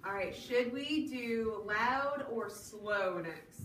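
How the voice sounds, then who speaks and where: A woman's voice: fairly high pitch, takes it slowly, fairly bright tone. A woman librarian leading a children's storytime, speaking in a patient, encouraging teacher's manner. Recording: echoey room from far off, clear background noise.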